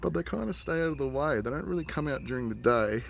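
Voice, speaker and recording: A man with an Australian accent, chattily narrating a casual nature vlog outdoors for his nephews, getting excited and hushing near animals. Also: mid-range voice, fast, creaky, a little hiss or hum. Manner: chatty and enthusiastic, drops to a hush near animals. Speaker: uncle filming a nature video for his nephews. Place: outdoors in a rural yard with bush and birds.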